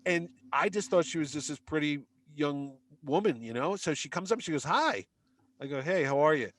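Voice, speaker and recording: A man's voice: on the high side, moderate pace. A middle-aged man telling a long anecdote in casual chat, acting out the voices of people he met. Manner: animated anecdote teller, acts out dialogue. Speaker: podcast guest. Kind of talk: casual storytelling.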